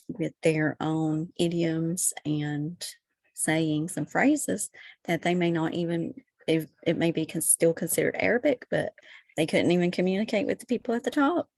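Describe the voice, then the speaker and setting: A woman's voice: sits low, gravelly, darkish tone, no echo. A woman from Kentucky with a Kentucky accent, a podcast guest chatting casually, full of "you know" and "like". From Kentucky, USA. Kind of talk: casual conversation.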